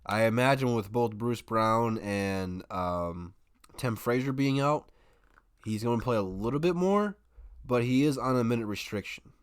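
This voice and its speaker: A man's voice: medium pitch, unhurried, smooth, dry recording, studio quality. A man hosting a live basketball watch-party stream, chatting casually with his viewers, often restarting his sentences. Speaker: sports live stream host. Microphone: desk microphone.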